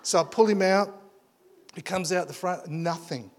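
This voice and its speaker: A man's voice: high-pitched, a little slow. A man preaching in church as a pastor, telling a story with lots of stammers and restarts. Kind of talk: sermon.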